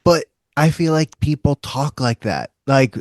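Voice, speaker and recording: A man's voice: on the high side, lively intonation, unhurried, no echo, studio quality. A man from Long Island with a Long Island New York accent, co-hosting a podcast in casual chat, laughing often and saying "like" a lot. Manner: chatty, laughs often, lots of "like" and "you know". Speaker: podcast co-host.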